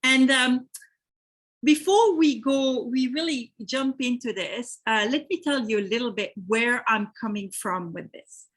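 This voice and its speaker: A middle-aged woman with a French accent hosts a live webinar, chatting easily and greeting attendees by name. Her voice is fairly high and has a husky edge, heard through a computer microphone. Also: unhurried. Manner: chatty, reads out attendee names. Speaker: webinar host.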